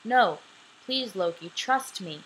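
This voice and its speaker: A woman's voice: medium pitch, animated, slow, a bit bright, a little hiss or hum, rough recording. A young woman reading the lines of a pleading young woman in a home-recorded storybook.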